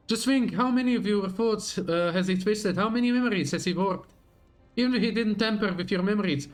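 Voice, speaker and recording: A man reading as a gentle, resolute young woman. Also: high-pitched, lightly acted. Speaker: streamer reading game dialogue aloud.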